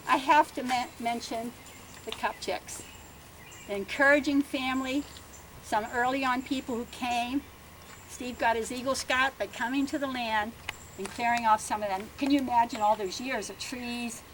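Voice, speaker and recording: A woman's voice: a little high, fairly bright tone, a little hiss or hum, low-quality recording. An older woman speaking outdoors at a garden ceremony, chatty and laughing, often tagging "huh?" onto her sentences. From Bellevue, Pennsylvania. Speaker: family speaker at a land dedication. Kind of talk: ceremony speech, storytelling.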